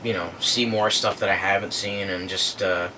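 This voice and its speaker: A guitarist talking casually in an interview, relaxed and rambling with lots of fillers. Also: male voice, sits low, normal speed, far from the mic, slight background noise. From born in London, raised in the US. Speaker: band guitarist.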